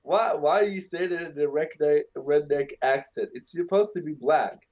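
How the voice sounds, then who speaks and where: A man's voice: a little high, normal speed, highs cut off, crowd noise. A young man co-hosting a meme podcast, joking crudely and rambling in casual chat over a voice call. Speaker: podcast co-host.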